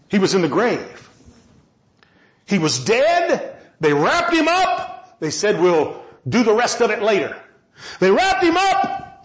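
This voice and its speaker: A man preaching a sermon with passion, moving between loud shouting and low, quiet lines. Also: echoey room, highs cut off.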